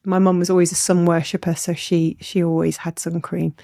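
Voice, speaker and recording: A woman's voice: on the low side, little pitch movement, fairly quick, creaky, mellow. Giggly woman podcast host. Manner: chatty, giggly, teasing. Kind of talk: casual interview chat.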